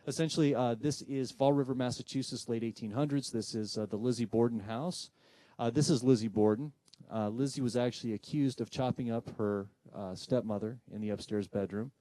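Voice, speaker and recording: In a dry recording, a medium-pitched man who works as a paranormal investigator shares a personal ghost tale. His delivery is animated and theatrical, with impressions of the people in the story, dramatic pauses and mounting tension.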